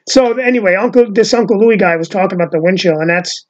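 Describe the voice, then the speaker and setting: A man's voice: high voice, highs cut off. Rambling, swearing man from New York. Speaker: podcast host. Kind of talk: casual chat. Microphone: video call.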